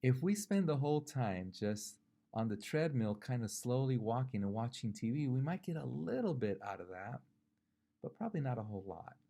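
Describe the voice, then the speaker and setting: A man's voice: mid-range voice, big pitch swings, moderate pace, mellow. A male pastor from California giving a short devotional sermon, conversational and thinking aloud with fillers and rhetorical questions.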